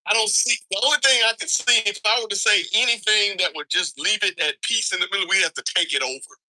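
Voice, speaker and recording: A man's voice: high-pitched, fast, bright, forceful tone, rough recording. A man calling in to a live stream, giving blunt, opinionated views in a drawling, casual way. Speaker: caller. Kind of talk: casual call-in chat.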